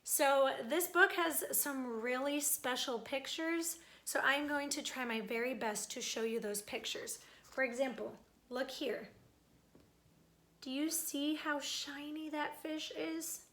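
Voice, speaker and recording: A young woman reads a picture book aloud to children in a high, bright voice. She takes her time and talks warmly and directly to her young listeners. She sounds animated, like a storyteller sharing the book with them. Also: slow pace. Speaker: children's librarian reading aloud.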